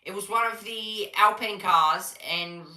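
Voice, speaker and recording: A woman's voice: medium pitch, measured pace, bright, forceful tone, roomy sound, rough recording. A young woman giving casual live race commentary on a stream, chatting to viewers and reading the chat between calls.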